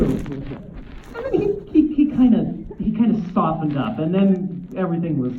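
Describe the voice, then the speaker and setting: A man in his thirties, a guest author on a convention panel, telling stories in a quick, animated way and often correcting himself mid-sentence. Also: fairly high pitch, background noise. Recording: echoey, tinny, from far off.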